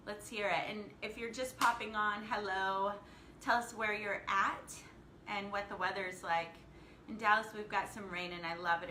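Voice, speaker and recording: A woman's voice: mid-range voice, bright, forceful tone. Upbeat woman live-streaming in an echoey room. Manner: upbeat, greets commenters by name. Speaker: live-stream host and life coach. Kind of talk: casual live-stream chat with viewers. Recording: echoey room with faint background noise.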